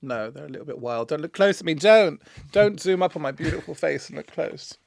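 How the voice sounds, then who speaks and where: A camp, teasing man trading jokes as a podcast co-host. His slightly high voice swings up and down with a gravelly edge. The sound is dry and close. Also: animated, fairly quick, no echo. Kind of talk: casual comedic chat.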